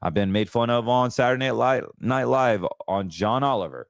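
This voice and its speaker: A man's voice: mid-range voice, moderate pace, vocal fry, no echo, clean studio sound. A middle-aged man hosting a podcast, talking casually, candid and emotional, fervent about his faith. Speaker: podcast host. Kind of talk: casual personal talk.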